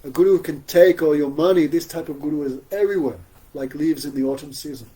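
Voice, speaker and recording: Husky-voiced man teaching scripture. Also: fairly high pitch, fast, dark tone, rough recording. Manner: chuckles often, asks rhetorical questions. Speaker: spiritual teacher. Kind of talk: scripture class storytelling.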